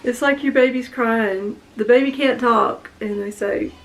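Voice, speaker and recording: Gravelly-voiced middle-aged mom chatting. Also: female voice, fairly high pitch, measured pace, low-quality recording. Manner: laid-back, mocking quotes. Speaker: vlogger's mother. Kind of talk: casual chat.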